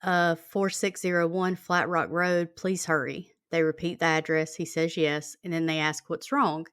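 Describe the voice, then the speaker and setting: Low-voiced woman hosting a true-crime podcast. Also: fairly even intonation, moderate pace, hardly any pauses, a bit bright, no echo, studio quality. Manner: reads out a call transcript in a plain conversational way, with many fillers. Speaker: podcast host.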